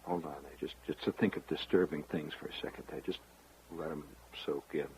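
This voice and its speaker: A man's voice: a bass voice, fairly even intonation, a little fast, a little mellow, a little hiss or hum, rough recording. A man hosting a radio show, spinning a rambling, wry monologue straight to the listener. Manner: rambling storyteller, confiding, wry. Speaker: radio host.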